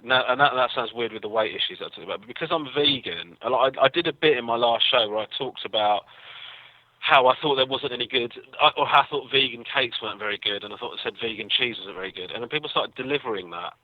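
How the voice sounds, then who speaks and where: A man's voice: mid-range voice, fast talker, dry recording. An English man, a comedian guest, telling rambling self-deprecating stories with lots of fillers in a casual interview. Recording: tinny phone-like line, dry.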